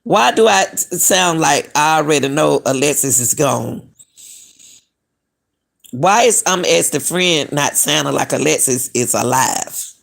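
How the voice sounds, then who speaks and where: A woman's voice: low voice, animated, a little slow, gravelly. A middle-aged woman hosting a casual live-stream, talking to viewers as "y'all" and questioning what she reads. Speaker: commentary channel host.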